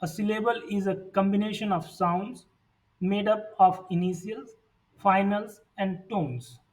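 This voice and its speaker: Male language teacher, high voice, very slow and deliberate, mic a little distant. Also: a little mellow. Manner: deliberate, reading sounds out one by one. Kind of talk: pronunciation lesson. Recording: voice set back from the mic.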